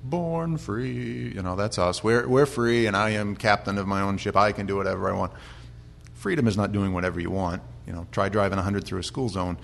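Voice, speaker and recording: An American man preaching a conversational Bible sermon, chatty with restarts, sometimes building to loud, impassioned storytelling. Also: low voice, fairly even intonation, fast, creaky. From United States. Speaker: pastor.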